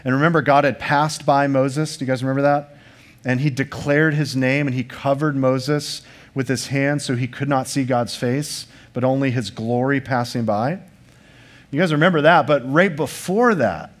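Male pastor, mid pitch, earnest emphatic sermon delivery with conversational asides. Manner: earnest, emphatic preaching with rhetorical questions; restarts and fillers, conversational asides to the congregation.

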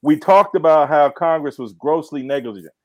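Male podcast co-host, slightly high voice, earnest political talk. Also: normal speed, highs cut off. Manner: agreeing interjections, then earnest argument. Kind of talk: political commentary.

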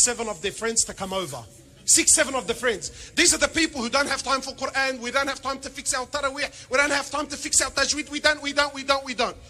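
A man preaching a sermon, animated and joking, firing rhetorical questions and mixing in Arabic phrases. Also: very high-pitched. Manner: peppers speech with Arabic phrases. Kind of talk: sermon to a congregation.

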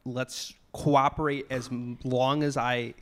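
Young male guest, ordinary mid voice, halting and filler-heavy storyteller. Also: mid-range voice, little pitch movement, a bit bright. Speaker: podcast guest. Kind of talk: casual storytelling.

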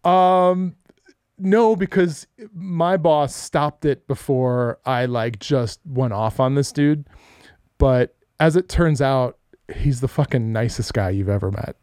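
Man, middle-aged, podcast co-host, casual storytelling, profane, warm low tone. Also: takes it slowly, clear, resonant tone, no room sound, studio quality. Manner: profane, animated storyteller acting out quotes.

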